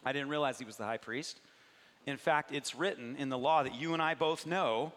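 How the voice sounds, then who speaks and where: A humble, earnest apostle speaks in a low voice, plain and sincere, as a male preacher acts him out in his sermon. A long hall reverb trails behind him. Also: normal speed, a bit bright, lightly acted. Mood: contrite. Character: earnest apostle man, defiant then humble.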